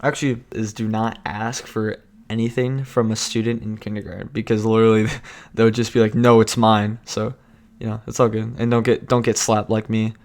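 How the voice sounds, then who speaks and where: A man's voice: lowish voice, flat delivery, brisk, darkish tone. A young man vlogging a casual storytime, rambling and cutting himself off, laughing often.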